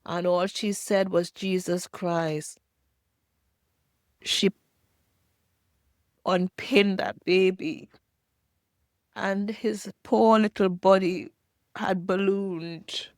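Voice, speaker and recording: An older woman from Jamaica telling her own painful childhood story as a halting, emotional personal testimony. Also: mid-range voice, fairly even intonation, no echo, studio quality. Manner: halting, emotional, pausing often.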